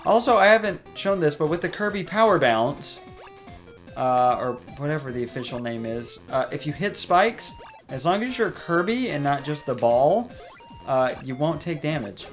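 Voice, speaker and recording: Here the same kind of let's play host, a young man in a home room, sounds a little high and very animated while keeping a moderate pace. His gameplay commentary is casual and full of tangents and frequent laughter, and faint music plays behind him.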